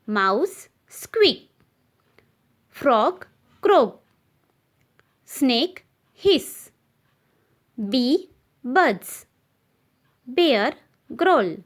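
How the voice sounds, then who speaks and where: A woman teacher with an Indian English accent, leading young children through a slow classroom recitation and spelling each word letter by letter. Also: high-pitched, sing-song. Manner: spells words letter by letter and repeats them.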